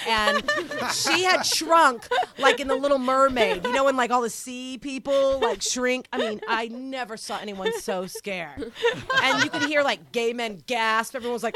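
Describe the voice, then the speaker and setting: A woman comedian telling a story as a talk show guest, swinging between hushed asides and loud outbursts. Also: on the high side, sing-song, normal speed, background noise. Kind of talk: animated storytelling.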